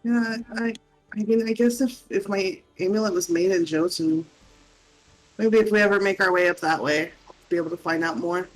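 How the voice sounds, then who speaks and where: A woman playing a tabletop game online, haltingly describing what her character does. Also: fairly low pitch, faint music behind, poor audio. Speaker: player. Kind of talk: casual chat describing her character's actions.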